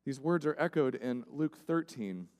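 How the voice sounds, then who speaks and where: Male pastor giving a sermon, goes from booming to real quiet, big echoey sanctuary. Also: animated, normal speed. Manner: preaching with wide swings from loud emphasis to hushed near-whisper. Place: church sanctuary. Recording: church sanctuary with long reverb.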